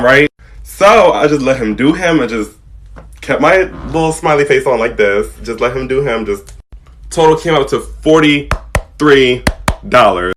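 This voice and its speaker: A man's voice: mid-range voice, lively intonation, moderate pace, a bit bright, a little hiss or hum. A man telling a casual storytime about a date in a laid-back, exasperated way.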